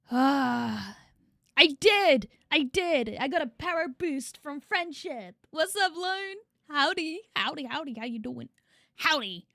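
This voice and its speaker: A woman's voice: high-pitched, a bit bright, no echo, clean studio sound. A young adult woman streaming live, chatting casually and crudely and greeting her chat by name. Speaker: vtuber streamer.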